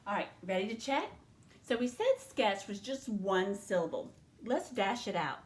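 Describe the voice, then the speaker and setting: A woman teaches young learners a spelling lesson, slowly and patiently sounding out each letter and syllable. Her voice is medium in pitch with lively intonation, and the room is echoey.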